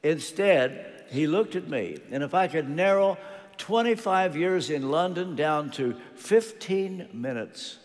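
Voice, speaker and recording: Older preacher with a lively, slow delivery. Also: male voice, on the high side, long reverb tail, faint music behind. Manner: earnest, personal storytelling with pauses and restarts. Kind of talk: sermon.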